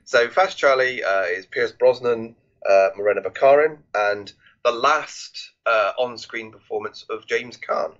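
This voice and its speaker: A man's voice: medium pitch, a little slow, fairly bright tone, lo-fi sound. A man co-hosting a casual film review podcast, rambling with many restarts and swearing freely. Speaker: podcast co-host.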